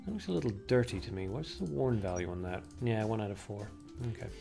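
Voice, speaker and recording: A man's voice: lowish voice, sing-song, fast talker, gravelly. A man streaming a card game and chatting casually with his viewers. He thinks aloud and leans on lots of fillers as he plays. Faint game music runs underneath. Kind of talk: casual livestream commentary.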